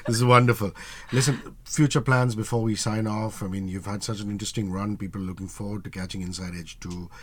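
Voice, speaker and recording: A man's voice: fairly low pitch, steady tone, fast, few pauses. A man hosting a radio interview, asking playful, teasing questions. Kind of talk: casual interview chat.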